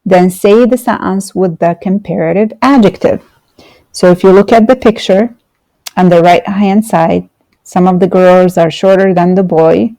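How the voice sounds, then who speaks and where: A woman's voice: on the low side, fairly even intonation, unhurried, dark tone, no echo. A woman teaching an online grammar lesson, explaining patiently with fillers and repeated examples while sharing her screen. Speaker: English teacher.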